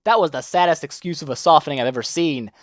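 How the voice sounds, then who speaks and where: Young man, gameplay commentary, jokey, excitable, slightly high voice, dry close sound. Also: fast talker, dry recording. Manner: excitable, jokey, reacts aloud to every turn. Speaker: mobile game video host.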